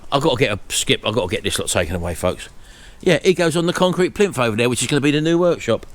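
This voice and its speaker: A man's voice: medium pitch, animated, fast. A middle-aged man, chatting casually to his viewers at home and calling them folks. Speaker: vlog host. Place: at home, house and garden.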